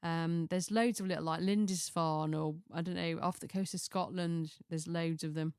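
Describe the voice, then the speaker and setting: A middle-aged woman chats in a relaxed, rambling way, doubling back on herself and chuckling at her own asides. Her voice sits slightly low. The recording is dry and close, with no room sound. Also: moderate pace, clean tone, no echo. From Chester, England. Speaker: lifestyle vlogger. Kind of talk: casual chatty monologue.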